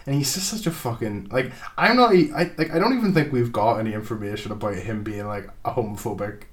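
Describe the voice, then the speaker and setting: A man's voice: on the low side, fast talker. A young man co-hosting a casual podcast chat, rambling and sweary with frequent filler words. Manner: rambling, sweary, laughs often.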